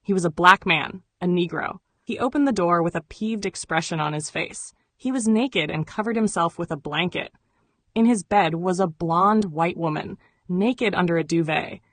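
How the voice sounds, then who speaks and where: Measured woman narrating a memoir. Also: on the low side, fairly bright tone, dry recording. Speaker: audiobook narrator.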